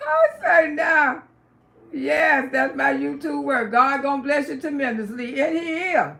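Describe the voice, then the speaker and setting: An older woman hosting a live stream, chatting loudly with viewers, laughing often and swearing freely as she gossips. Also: sits high, slow, creaky, pauses often. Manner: loud, cackling, outspoken gossip. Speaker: livestream host.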